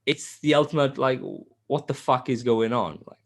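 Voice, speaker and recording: Animated swearing gamer man. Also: moderate pace. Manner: animated storytelling, heavy swearing; acts out character lines in a high voice. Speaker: podcast host. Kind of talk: casual gaming chat.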